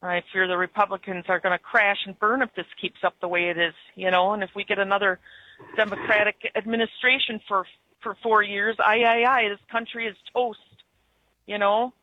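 A woman's voice: medium pitch, steady tone, a little fast, dry recording. A woman with an Upper Midwest accent, calling in to a radio show and chatting in a rambling way. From Germany-born, raised in Wisconsin. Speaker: caller. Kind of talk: casual call-in chat. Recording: muffled phone call.

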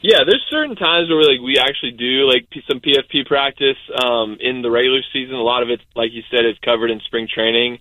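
A young adult man, a baseball pitcher, chatting casually as a guest, rambling with many fillers. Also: quick pace, few pauses, bright, forceful tone, dry recording, poor audio. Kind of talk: casual interview chat.

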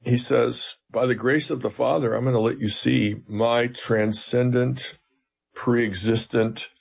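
A man's voice: lowish voice, creaky, slightly rough. A man, a seminary professor, explaining scripture as an interview guest in an earnest, teacherly way with emphatic retellings.

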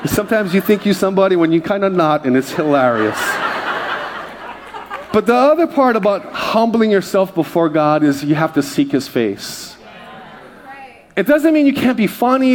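A male pastor preaching a conversational sermon, mixing humor and personal stories and calling out to the congregation. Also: high-pitched. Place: church service.

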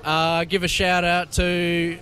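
A man's voice: high-pitched, monotone, slow pace, bright, forceful tone. A young Australian man, an apprentice electrician, chatting as a guest on live radio in a laid-back, easygoing way. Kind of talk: casual chat.

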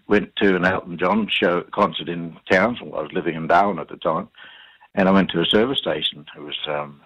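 An Australian man giving an interview, telling his stories in a halting way with many fillers and repeated words. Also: low-pitched, fairly bright tone, breathy edge, lo-fi sound. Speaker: interview guest. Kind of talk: conversational storytelling.

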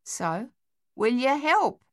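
A woman's voice: sits high, very animated, slow, a bit bright, pitched above the performer's own voice, full character voice. Woman voicing a brusque, impatient woman. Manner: blunt and insistent. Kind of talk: audiobook character voice.

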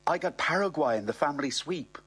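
An exasperated young wife, chiding and coaxing, read by a man in a lightly raised, husky voice. She is a storybook figure in a comic tale, nagging her husband along. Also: fairly high pitch, lively intonation, a little fast, a bit bright, faint music behind, pitched above the performer's own voice.

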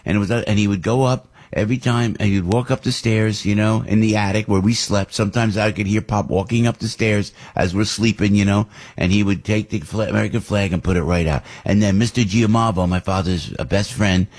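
An older man, hosting a talk radio show in an animated, rambling way with big jumps up in pitch. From New Jersey. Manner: rambling and nostalgic.

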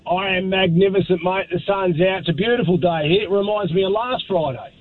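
A man's voice: sits high, fairly quick. Upbeat Australian male caller on phone. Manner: upbeat and effusive. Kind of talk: casual phone-in chat. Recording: husky tinny phone line.

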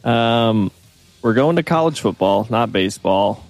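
A man's voice: on the low side, animated, unhurried, no room sound, faint music behind. A man working as a show's video producer, laid-back, explaining the rules of a trivia game. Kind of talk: casual studio chat.

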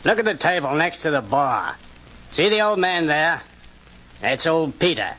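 Man doing a terse pickpocket, bright edgy tone, old radio play. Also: a little high, very animated, unhurried, heavily acted, rough recording. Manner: terse, matter-of-fact. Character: cool, unsmiling male pickpocket. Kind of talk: old-time radio drama.

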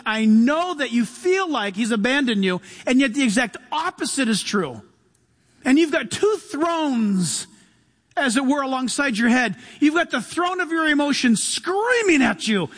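High-voiced pastor preaching in a big hall. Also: male voice. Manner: animated, shifts between loud bursts and soft hushed asides. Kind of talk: sermon. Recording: long reverb of a large hall.

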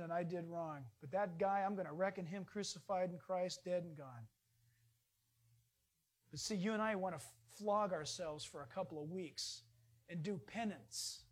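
Animated male pastor preaching. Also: high-pitched. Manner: animated preaching with rising emphasis. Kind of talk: sermon.

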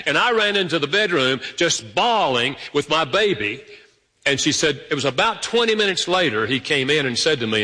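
Man, sermon, animated storytelling, bright tone, echoing hall. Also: normal speed. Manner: storytelling with animated pitch jumps. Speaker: pastor. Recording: long hall reverb.

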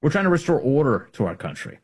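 A middle-aged man delivering an emphatic, combative political commentary monologue, swinging between loud emphasis and hushed asides. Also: medium pitch, very animated, quick pace, slightly rough.

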